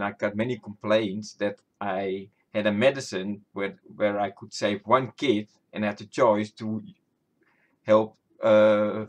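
A man from the Netherlands with a Dutch accent, a non-native English speaker, giving chatty, giggly, casual commentary over gameplay at home. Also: on the low side. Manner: chatty, giggly, self-talking. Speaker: gaming YouTuber. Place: home room.

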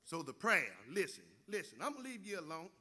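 Southern preacher man, real high bright voice, slow, hollers now and then. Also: big pitch swings, slightly rough. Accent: Southern American. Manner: preaching with rising shouts. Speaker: pastor. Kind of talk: sermon. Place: church.

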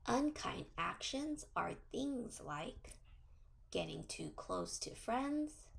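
A woman teaching preschoolers, reading a social story slowly in a sing-song, gently encouraging way. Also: a little high, very animated, vocal fry. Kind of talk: social story read to young children.

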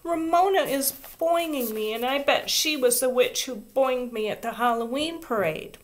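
A woman voicing a shrill little kindergarten girl who tattles, near tears. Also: expressive, normal speed, natural voice.

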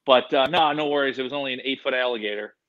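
Animated, bright-voiced man telling stories. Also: medium pitch, quick pace, lo-fi sound. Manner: animated, rambling storyteller. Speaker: animal expert guest. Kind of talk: casual storytelling interview.

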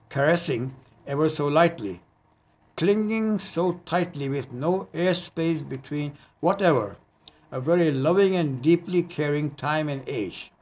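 Guy poet reading his poems at a community tv studio, earnest and measured, bit high voice, some uh-filled asides. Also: darkish tone. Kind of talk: poetry reading.

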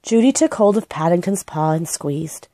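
A woman reading a children's book aloud, in a gentle and expressive storytelling manner. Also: lowish voice, normal speed, no echo. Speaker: storybook reader.

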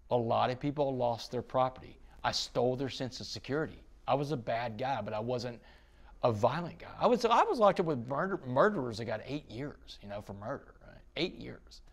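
Middle-aged man, gravelly, animated interview storyteller. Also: medium pitch. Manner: animated storyteller, quotes others, swings loud and soft. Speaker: podcast guest.

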